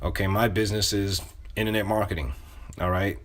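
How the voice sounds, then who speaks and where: A man with a fairly low, fairly bright voice and fairly even intonation speaks fairly quickly as he coaches sales casually. He acts out sample phone calls with loose, conversational phrasing, restarting and repeating himself.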